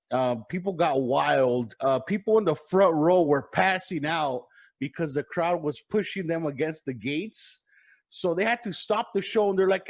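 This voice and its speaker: A man hosting a podcast, telling loose stories in casual chat and swearing freely. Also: a little high. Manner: loose storytelling, swears freely, acts out crowd voices. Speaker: podcast host.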